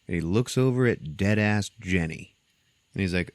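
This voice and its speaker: A man's voice: on the low side, normal speed, dry recording. A man hosting a podcast, giving a casual comedic recap of a movie and acting out the scenes as he goes. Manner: animated storytelling, acting out scenes. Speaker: podcast host.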